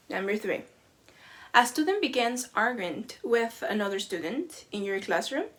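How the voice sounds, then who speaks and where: A woman educator reading a scripted teacher-training lesson, measured and explanatory. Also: a little high, animated, fairly bright tone.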